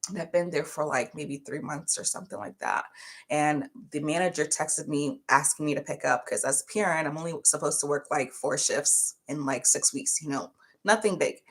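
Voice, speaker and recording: A young woman, a touch low-pitched, talks straight to her viewers in a chatty, animated way. She retells a story and acts out the voices of the people in it. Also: normal speed. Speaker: vlogger.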